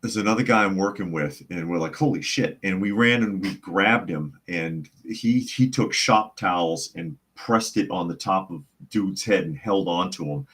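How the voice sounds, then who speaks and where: Deep-voiced guy hosting a live podcast, chatting with viewers and rambling through stories, does little voices for the people in them. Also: moderate pace, hardly any pauses, a bit bright, husky. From United States. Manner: rambling storyteller, acts out quoted voices. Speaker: podcast host. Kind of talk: casual live-stream chat, reading viewer comments.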